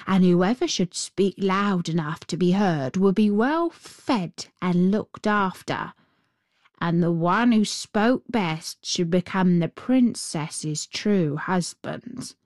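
A woman voicing a thoughtful, slow-spoken talking crow in a storybook reading, speaking in a deliberate way. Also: lowish voice, darkish tone, dry recording, studio quality. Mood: storytelling.

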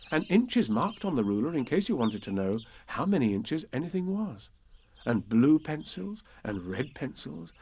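A man reading a storybook aloud as narrator, in a gentle, measured way. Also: mid-range voice.

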